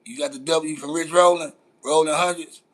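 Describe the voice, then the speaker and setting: A man's voice: fairly high pitch, steady tone, normal speed, a bit bright. A man with a Los Angeles accent hosting a casual live-stream chat, teasing his viewers in brash, profane banter. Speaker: host.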